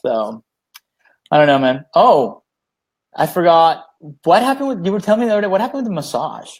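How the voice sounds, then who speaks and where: A man's voice: a little high, animated, a little fast. A man co-hosting a podcast in casual chat, bantering loosely and joking. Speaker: podcast co-host.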